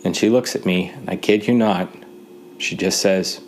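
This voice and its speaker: A man from Montana telling a wry personal anecdote in a relaxed way, with pauses and fillers. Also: deep voice, a little hiss or hum. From Great Falls, Montana, USA. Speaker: storyteller.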